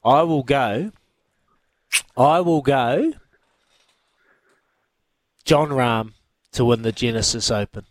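A man's voice: medium pitch, slow pace, pauses often, slight background noise. A man with a New Zealand accent hosting a radio sports quiz, bantering and teasing callers. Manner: cheeky, teasing, laughs often.

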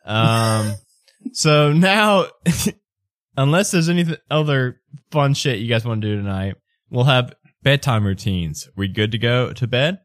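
A man's voice: medium pitch, expressive, unhurried, no echo, studio quality. A man narrating as game master in a casual way, laughing often.

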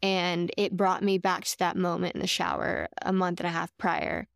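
A woman's voice: lowish voice, flat delivery, moderate pace, vocal fry, smooth, dry recording, studio quality. A woman sharing a heartfelt personal faith story on a podcast, earnest and chatty, with lots of casual fillers. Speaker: podcast co-host.

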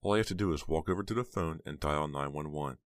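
A man's voice: rumbling low, fast talker, dry recording, clean studio sound. A man voicing an upset, frightened teenage girl in an audiobook reading, pleading and crying out. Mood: distraught. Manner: pleading, upset, rising to cries. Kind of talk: audiobook character voice.

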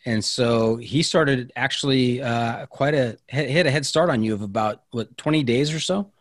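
A man's voice: mid-range voice, normal speed, no room sound. Male podcast host, dry close sound, easygoing and jokey with guests. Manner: friendly, jokey, plays along with guest. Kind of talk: casual interview chat.

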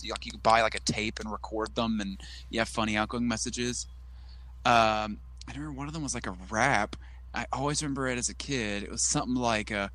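A man's voice: medium pitch, pushed and bright. A young man co-hosting a casual podcast, rambling through stories with self-deprecating asides. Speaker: podcast co-host. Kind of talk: casual chat.

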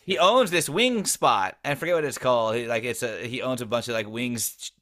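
A man's voice: mid-range voice, expressive, normal speed, a bit bright. A man co-hosting a casual sports podcast, blunt and profane, telling stories with animation. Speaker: podcast co-host.

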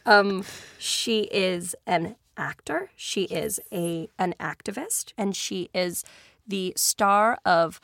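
A woman's voice: medium pitch, slow pace, vocal fry, a bit bright, no echo. A woman hosting a radio interview show from a studio, effusive and joking, laughing often. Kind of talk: warm, chatty interviewing.

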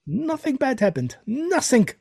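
A man voicing a stern German man with a lisp, speaking in a slow, mock-solemn way. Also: very high-pitched, big pitch swings, gravelly, mellow, dry recording, pitched above the performer's own voice, full character voice.

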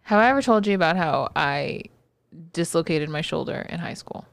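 A woman with a lowish, smooth and resonant voice chats on a podcast, telling stories in an animated, profane way. The sound is dry and close. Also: moderate pace, no room sound. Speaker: podcast co-host; occupational therapist. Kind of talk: casual chat.

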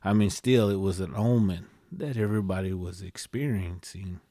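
A deep-voiced man chats casually on a podcast, wandering through his story with lots of pauses and "you know"s. The sound is dry and close, with no room echo. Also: mellow. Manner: rambling, halting, many "you know" fillers. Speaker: podcast co-host.

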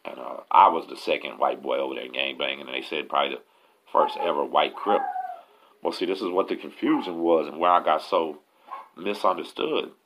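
Deep gravelly Texan man. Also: fairly quick, background noise. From Texas, USA. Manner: profane, slangy, street talk. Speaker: host. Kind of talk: casual storytelling.

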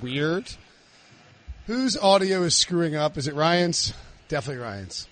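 A man's voice: fairly high pitch, lively intonation, unhurried, a bit bright. A man in his thirties hosting a casual sports podcast and teasing his co-hosts. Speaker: podcast host.

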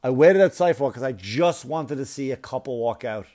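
A man doing stand-up, telling a long story in a profane, animated way with laughing asides. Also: medium pitch, quick pace. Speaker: comedian.

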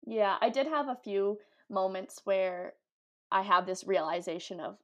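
A woman's voice: medium pitch, animated, unhurried, a bit bright. A young woman, a guest on a talk show, chatting casually and upbeat with lots of "like" and fillers. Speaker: guest, cruise ship ice skater. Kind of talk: casual interview chat.

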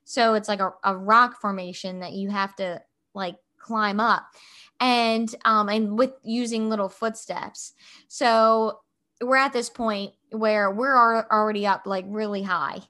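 A woman's voice: medium pitch, fairly even intonation, measured pace, pushed and bright. A middle-aged woman hosting a podcast, telling a story in a casual, chatty way and saying "like" a lot. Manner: chatty, heavy use of filler "like". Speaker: podcast host.

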